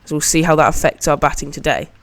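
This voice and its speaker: A man with a slightly higher-than-usual voice hosts his own gaming channel. He keeps up a relaxed, chatty running commentary, describing every shot as he plays it. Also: quick pace. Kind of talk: casual game commentary.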